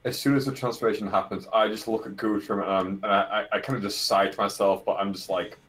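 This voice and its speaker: Low-voiced player far from the mic. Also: male voice, steady tone, quick pace, few pauses, a bit bright. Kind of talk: tabletop game chat.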